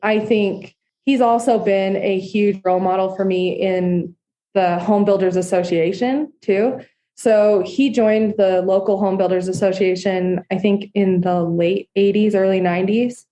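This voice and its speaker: A woman home builder being interviewed, explaining in an earnest, steady way with casual fillers. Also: mid-range voice, a little slow, a little hiss or hum. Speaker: custom home builder guest.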